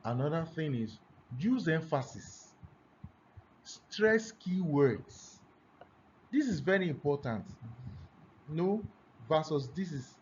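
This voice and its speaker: A man teaching a lesson on speaking skills, deliberately swinging between loud and soft for emphasis. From Nigeria. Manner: deliberately varies pitch and loudness, emphatic. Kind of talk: classroom lesson on public speaking. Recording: dull lo-fi recording with faint noise.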